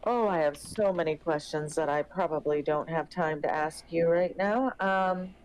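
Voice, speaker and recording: A woman's voice: low-pitched, normal speed, a little mellow, slight background noise. A woman playing her character in a tabletop game, asking hesitant, curious questions. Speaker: player. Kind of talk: in-character tabletop role-play. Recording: dull lo-fi mic.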